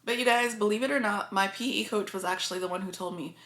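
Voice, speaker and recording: A woman speaks straight to her viewers in a confiding, heartfelt way, emotion close to the surface. Her voice sits at an ordinary middle pitch. The room around her rings with noticeable echo. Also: fairly even intonation, fast talker, hardly any pauses, a bit bright. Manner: earnest and confiding, addresses viewers often. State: emotional, near tears. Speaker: vlogger. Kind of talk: casual talk to camera. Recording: echoey room.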